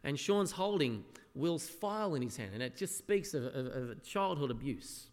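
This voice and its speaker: A man preaching an earnest sermon as a pastor, often dropping to a soft, quiet voice. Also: fairly high pitch, lively intonation, moderate pace. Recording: echoey hall with long reverb.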